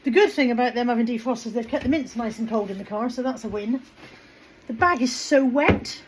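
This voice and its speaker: A woman's voice: on the high side, a little fast, background noise. A woman vlogging casually to her camera, with wry, self-deprecating storytelling. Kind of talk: casual chatty vlog.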